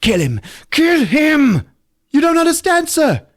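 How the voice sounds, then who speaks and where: A man doing a frantic shouting army officer. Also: high-pitched, wildly swooping pitch, measured pace, slightly rough, pitched above the performer's own voice, exaggerated voice. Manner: desperate, shouting.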